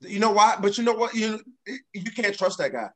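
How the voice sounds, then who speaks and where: A man's voice: high voice, animated, normal speed, fairly bright tone. A young man hosting a casual podcast, talking animatedly with theatrical protests and indignation. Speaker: podcast host.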